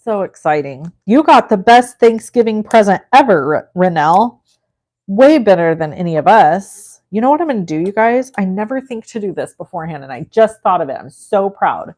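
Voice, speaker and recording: A woman's voice: medium pitch, sing-song, moderate pace, a little mellow. A middle-aged woman hosts a live crafting demo, chatting freely with her viewers while she works. Her talk is effusive and gushing, with a mid-range voice for a woman. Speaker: crafting livestream host.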